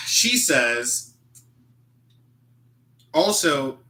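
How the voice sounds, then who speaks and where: A man talking casually as a podcast guest, reading text messages aloud and reacting indignantly in an animated way. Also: mid-range voice, normal speed. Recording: echoey room.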